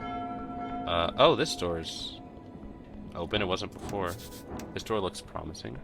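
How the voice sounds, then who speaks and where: A man streams a game, reading its narration and making wry, self-deprecating remarks. His voice is slightly low. Game music plays clearly in the background. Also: lively intonation, slow, pauses often. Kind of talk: casual gameplay commentary and reading game text aloud. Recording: game music playing behind.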